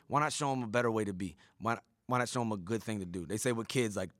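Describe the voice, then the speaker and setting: A man's voice: mid-range voice, expressive, fast, a bit bright, no room sound, studio quality. A man hosting a podcast, talking bluntly and profanely in a preachy pep-talk manner. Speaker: podcast host. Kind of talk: casual podcast chat.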